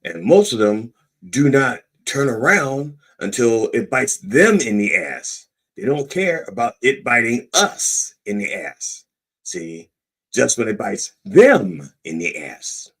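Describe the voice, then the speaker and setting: A man's voice: mid-range voice, sing-song, slow pace, a bit bright, husky. A man hosting a podcast, reading news items and breaking off into profane, sarcastic asides in a mock-preacher manner. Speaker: podcast host. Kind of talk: irreverent satirical commentary.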